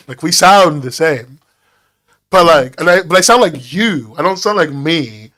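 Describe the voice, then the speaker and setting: A man's voice: on the high side, a little fast, a bit bright. A man streaming while he draws, chatting casually in a neutral northeastern American accent, rambling and teasing. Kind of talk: casual chat while drawing.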